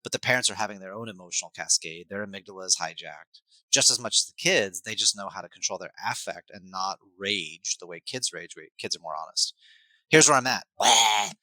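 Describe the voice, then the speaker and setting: A man, a life coach and hypnotherapist, explaining his ideas in an animated, coaching way as a podcast guest. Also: sits low, a little fast, no room sound, low-quality recording. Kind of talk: podcast conversation.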